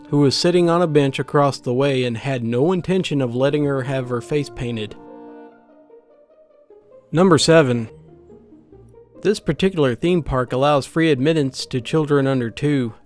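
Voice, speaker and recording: A man reading funny anecdotes aloud in steady scripted narration. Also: medium pitch. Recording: faint background music.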